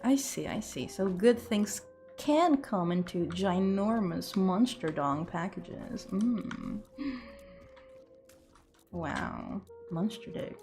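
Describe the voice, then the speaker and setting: Woman streamer, relaxed slow delivery, mid pitch, playful and crude. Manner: playful, rambling, crude jokes. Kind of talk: casual chat with viewers.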